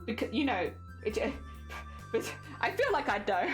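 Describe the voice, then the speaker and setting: A woman's voice: on the high side, sing-song, a little slow, faint music behind. A woman livestreamer chatting casually with viewers while crafting, giggly and rambling, laughing often.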